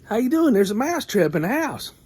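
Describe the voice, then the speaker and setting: A man putting on a squeaky scared little mouse. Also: big pitch swings, a little fast, darkish tone, slightly rough, full character voice. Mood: pleading. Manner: anxious, pleading. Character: small frightened male farm mouse.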